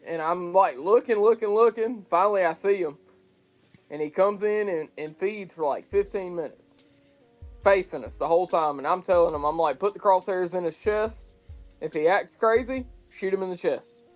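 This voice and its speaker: High-voiced young man telling a hunt story. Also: moderate pace, faint music behind. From Georgia. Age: 20s. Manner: animated, acts out quotes, laughs often. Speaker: guest. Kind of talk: casual storytelling chat.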